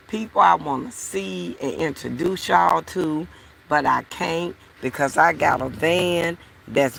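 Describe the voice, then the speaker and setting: A woman's voice: fairly low pitch, vocal fry, a bit bright, slight background noise. A woman vlogger talking to her viewers in a casual, frustrated, repetitive way. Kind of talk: casual talk to camera.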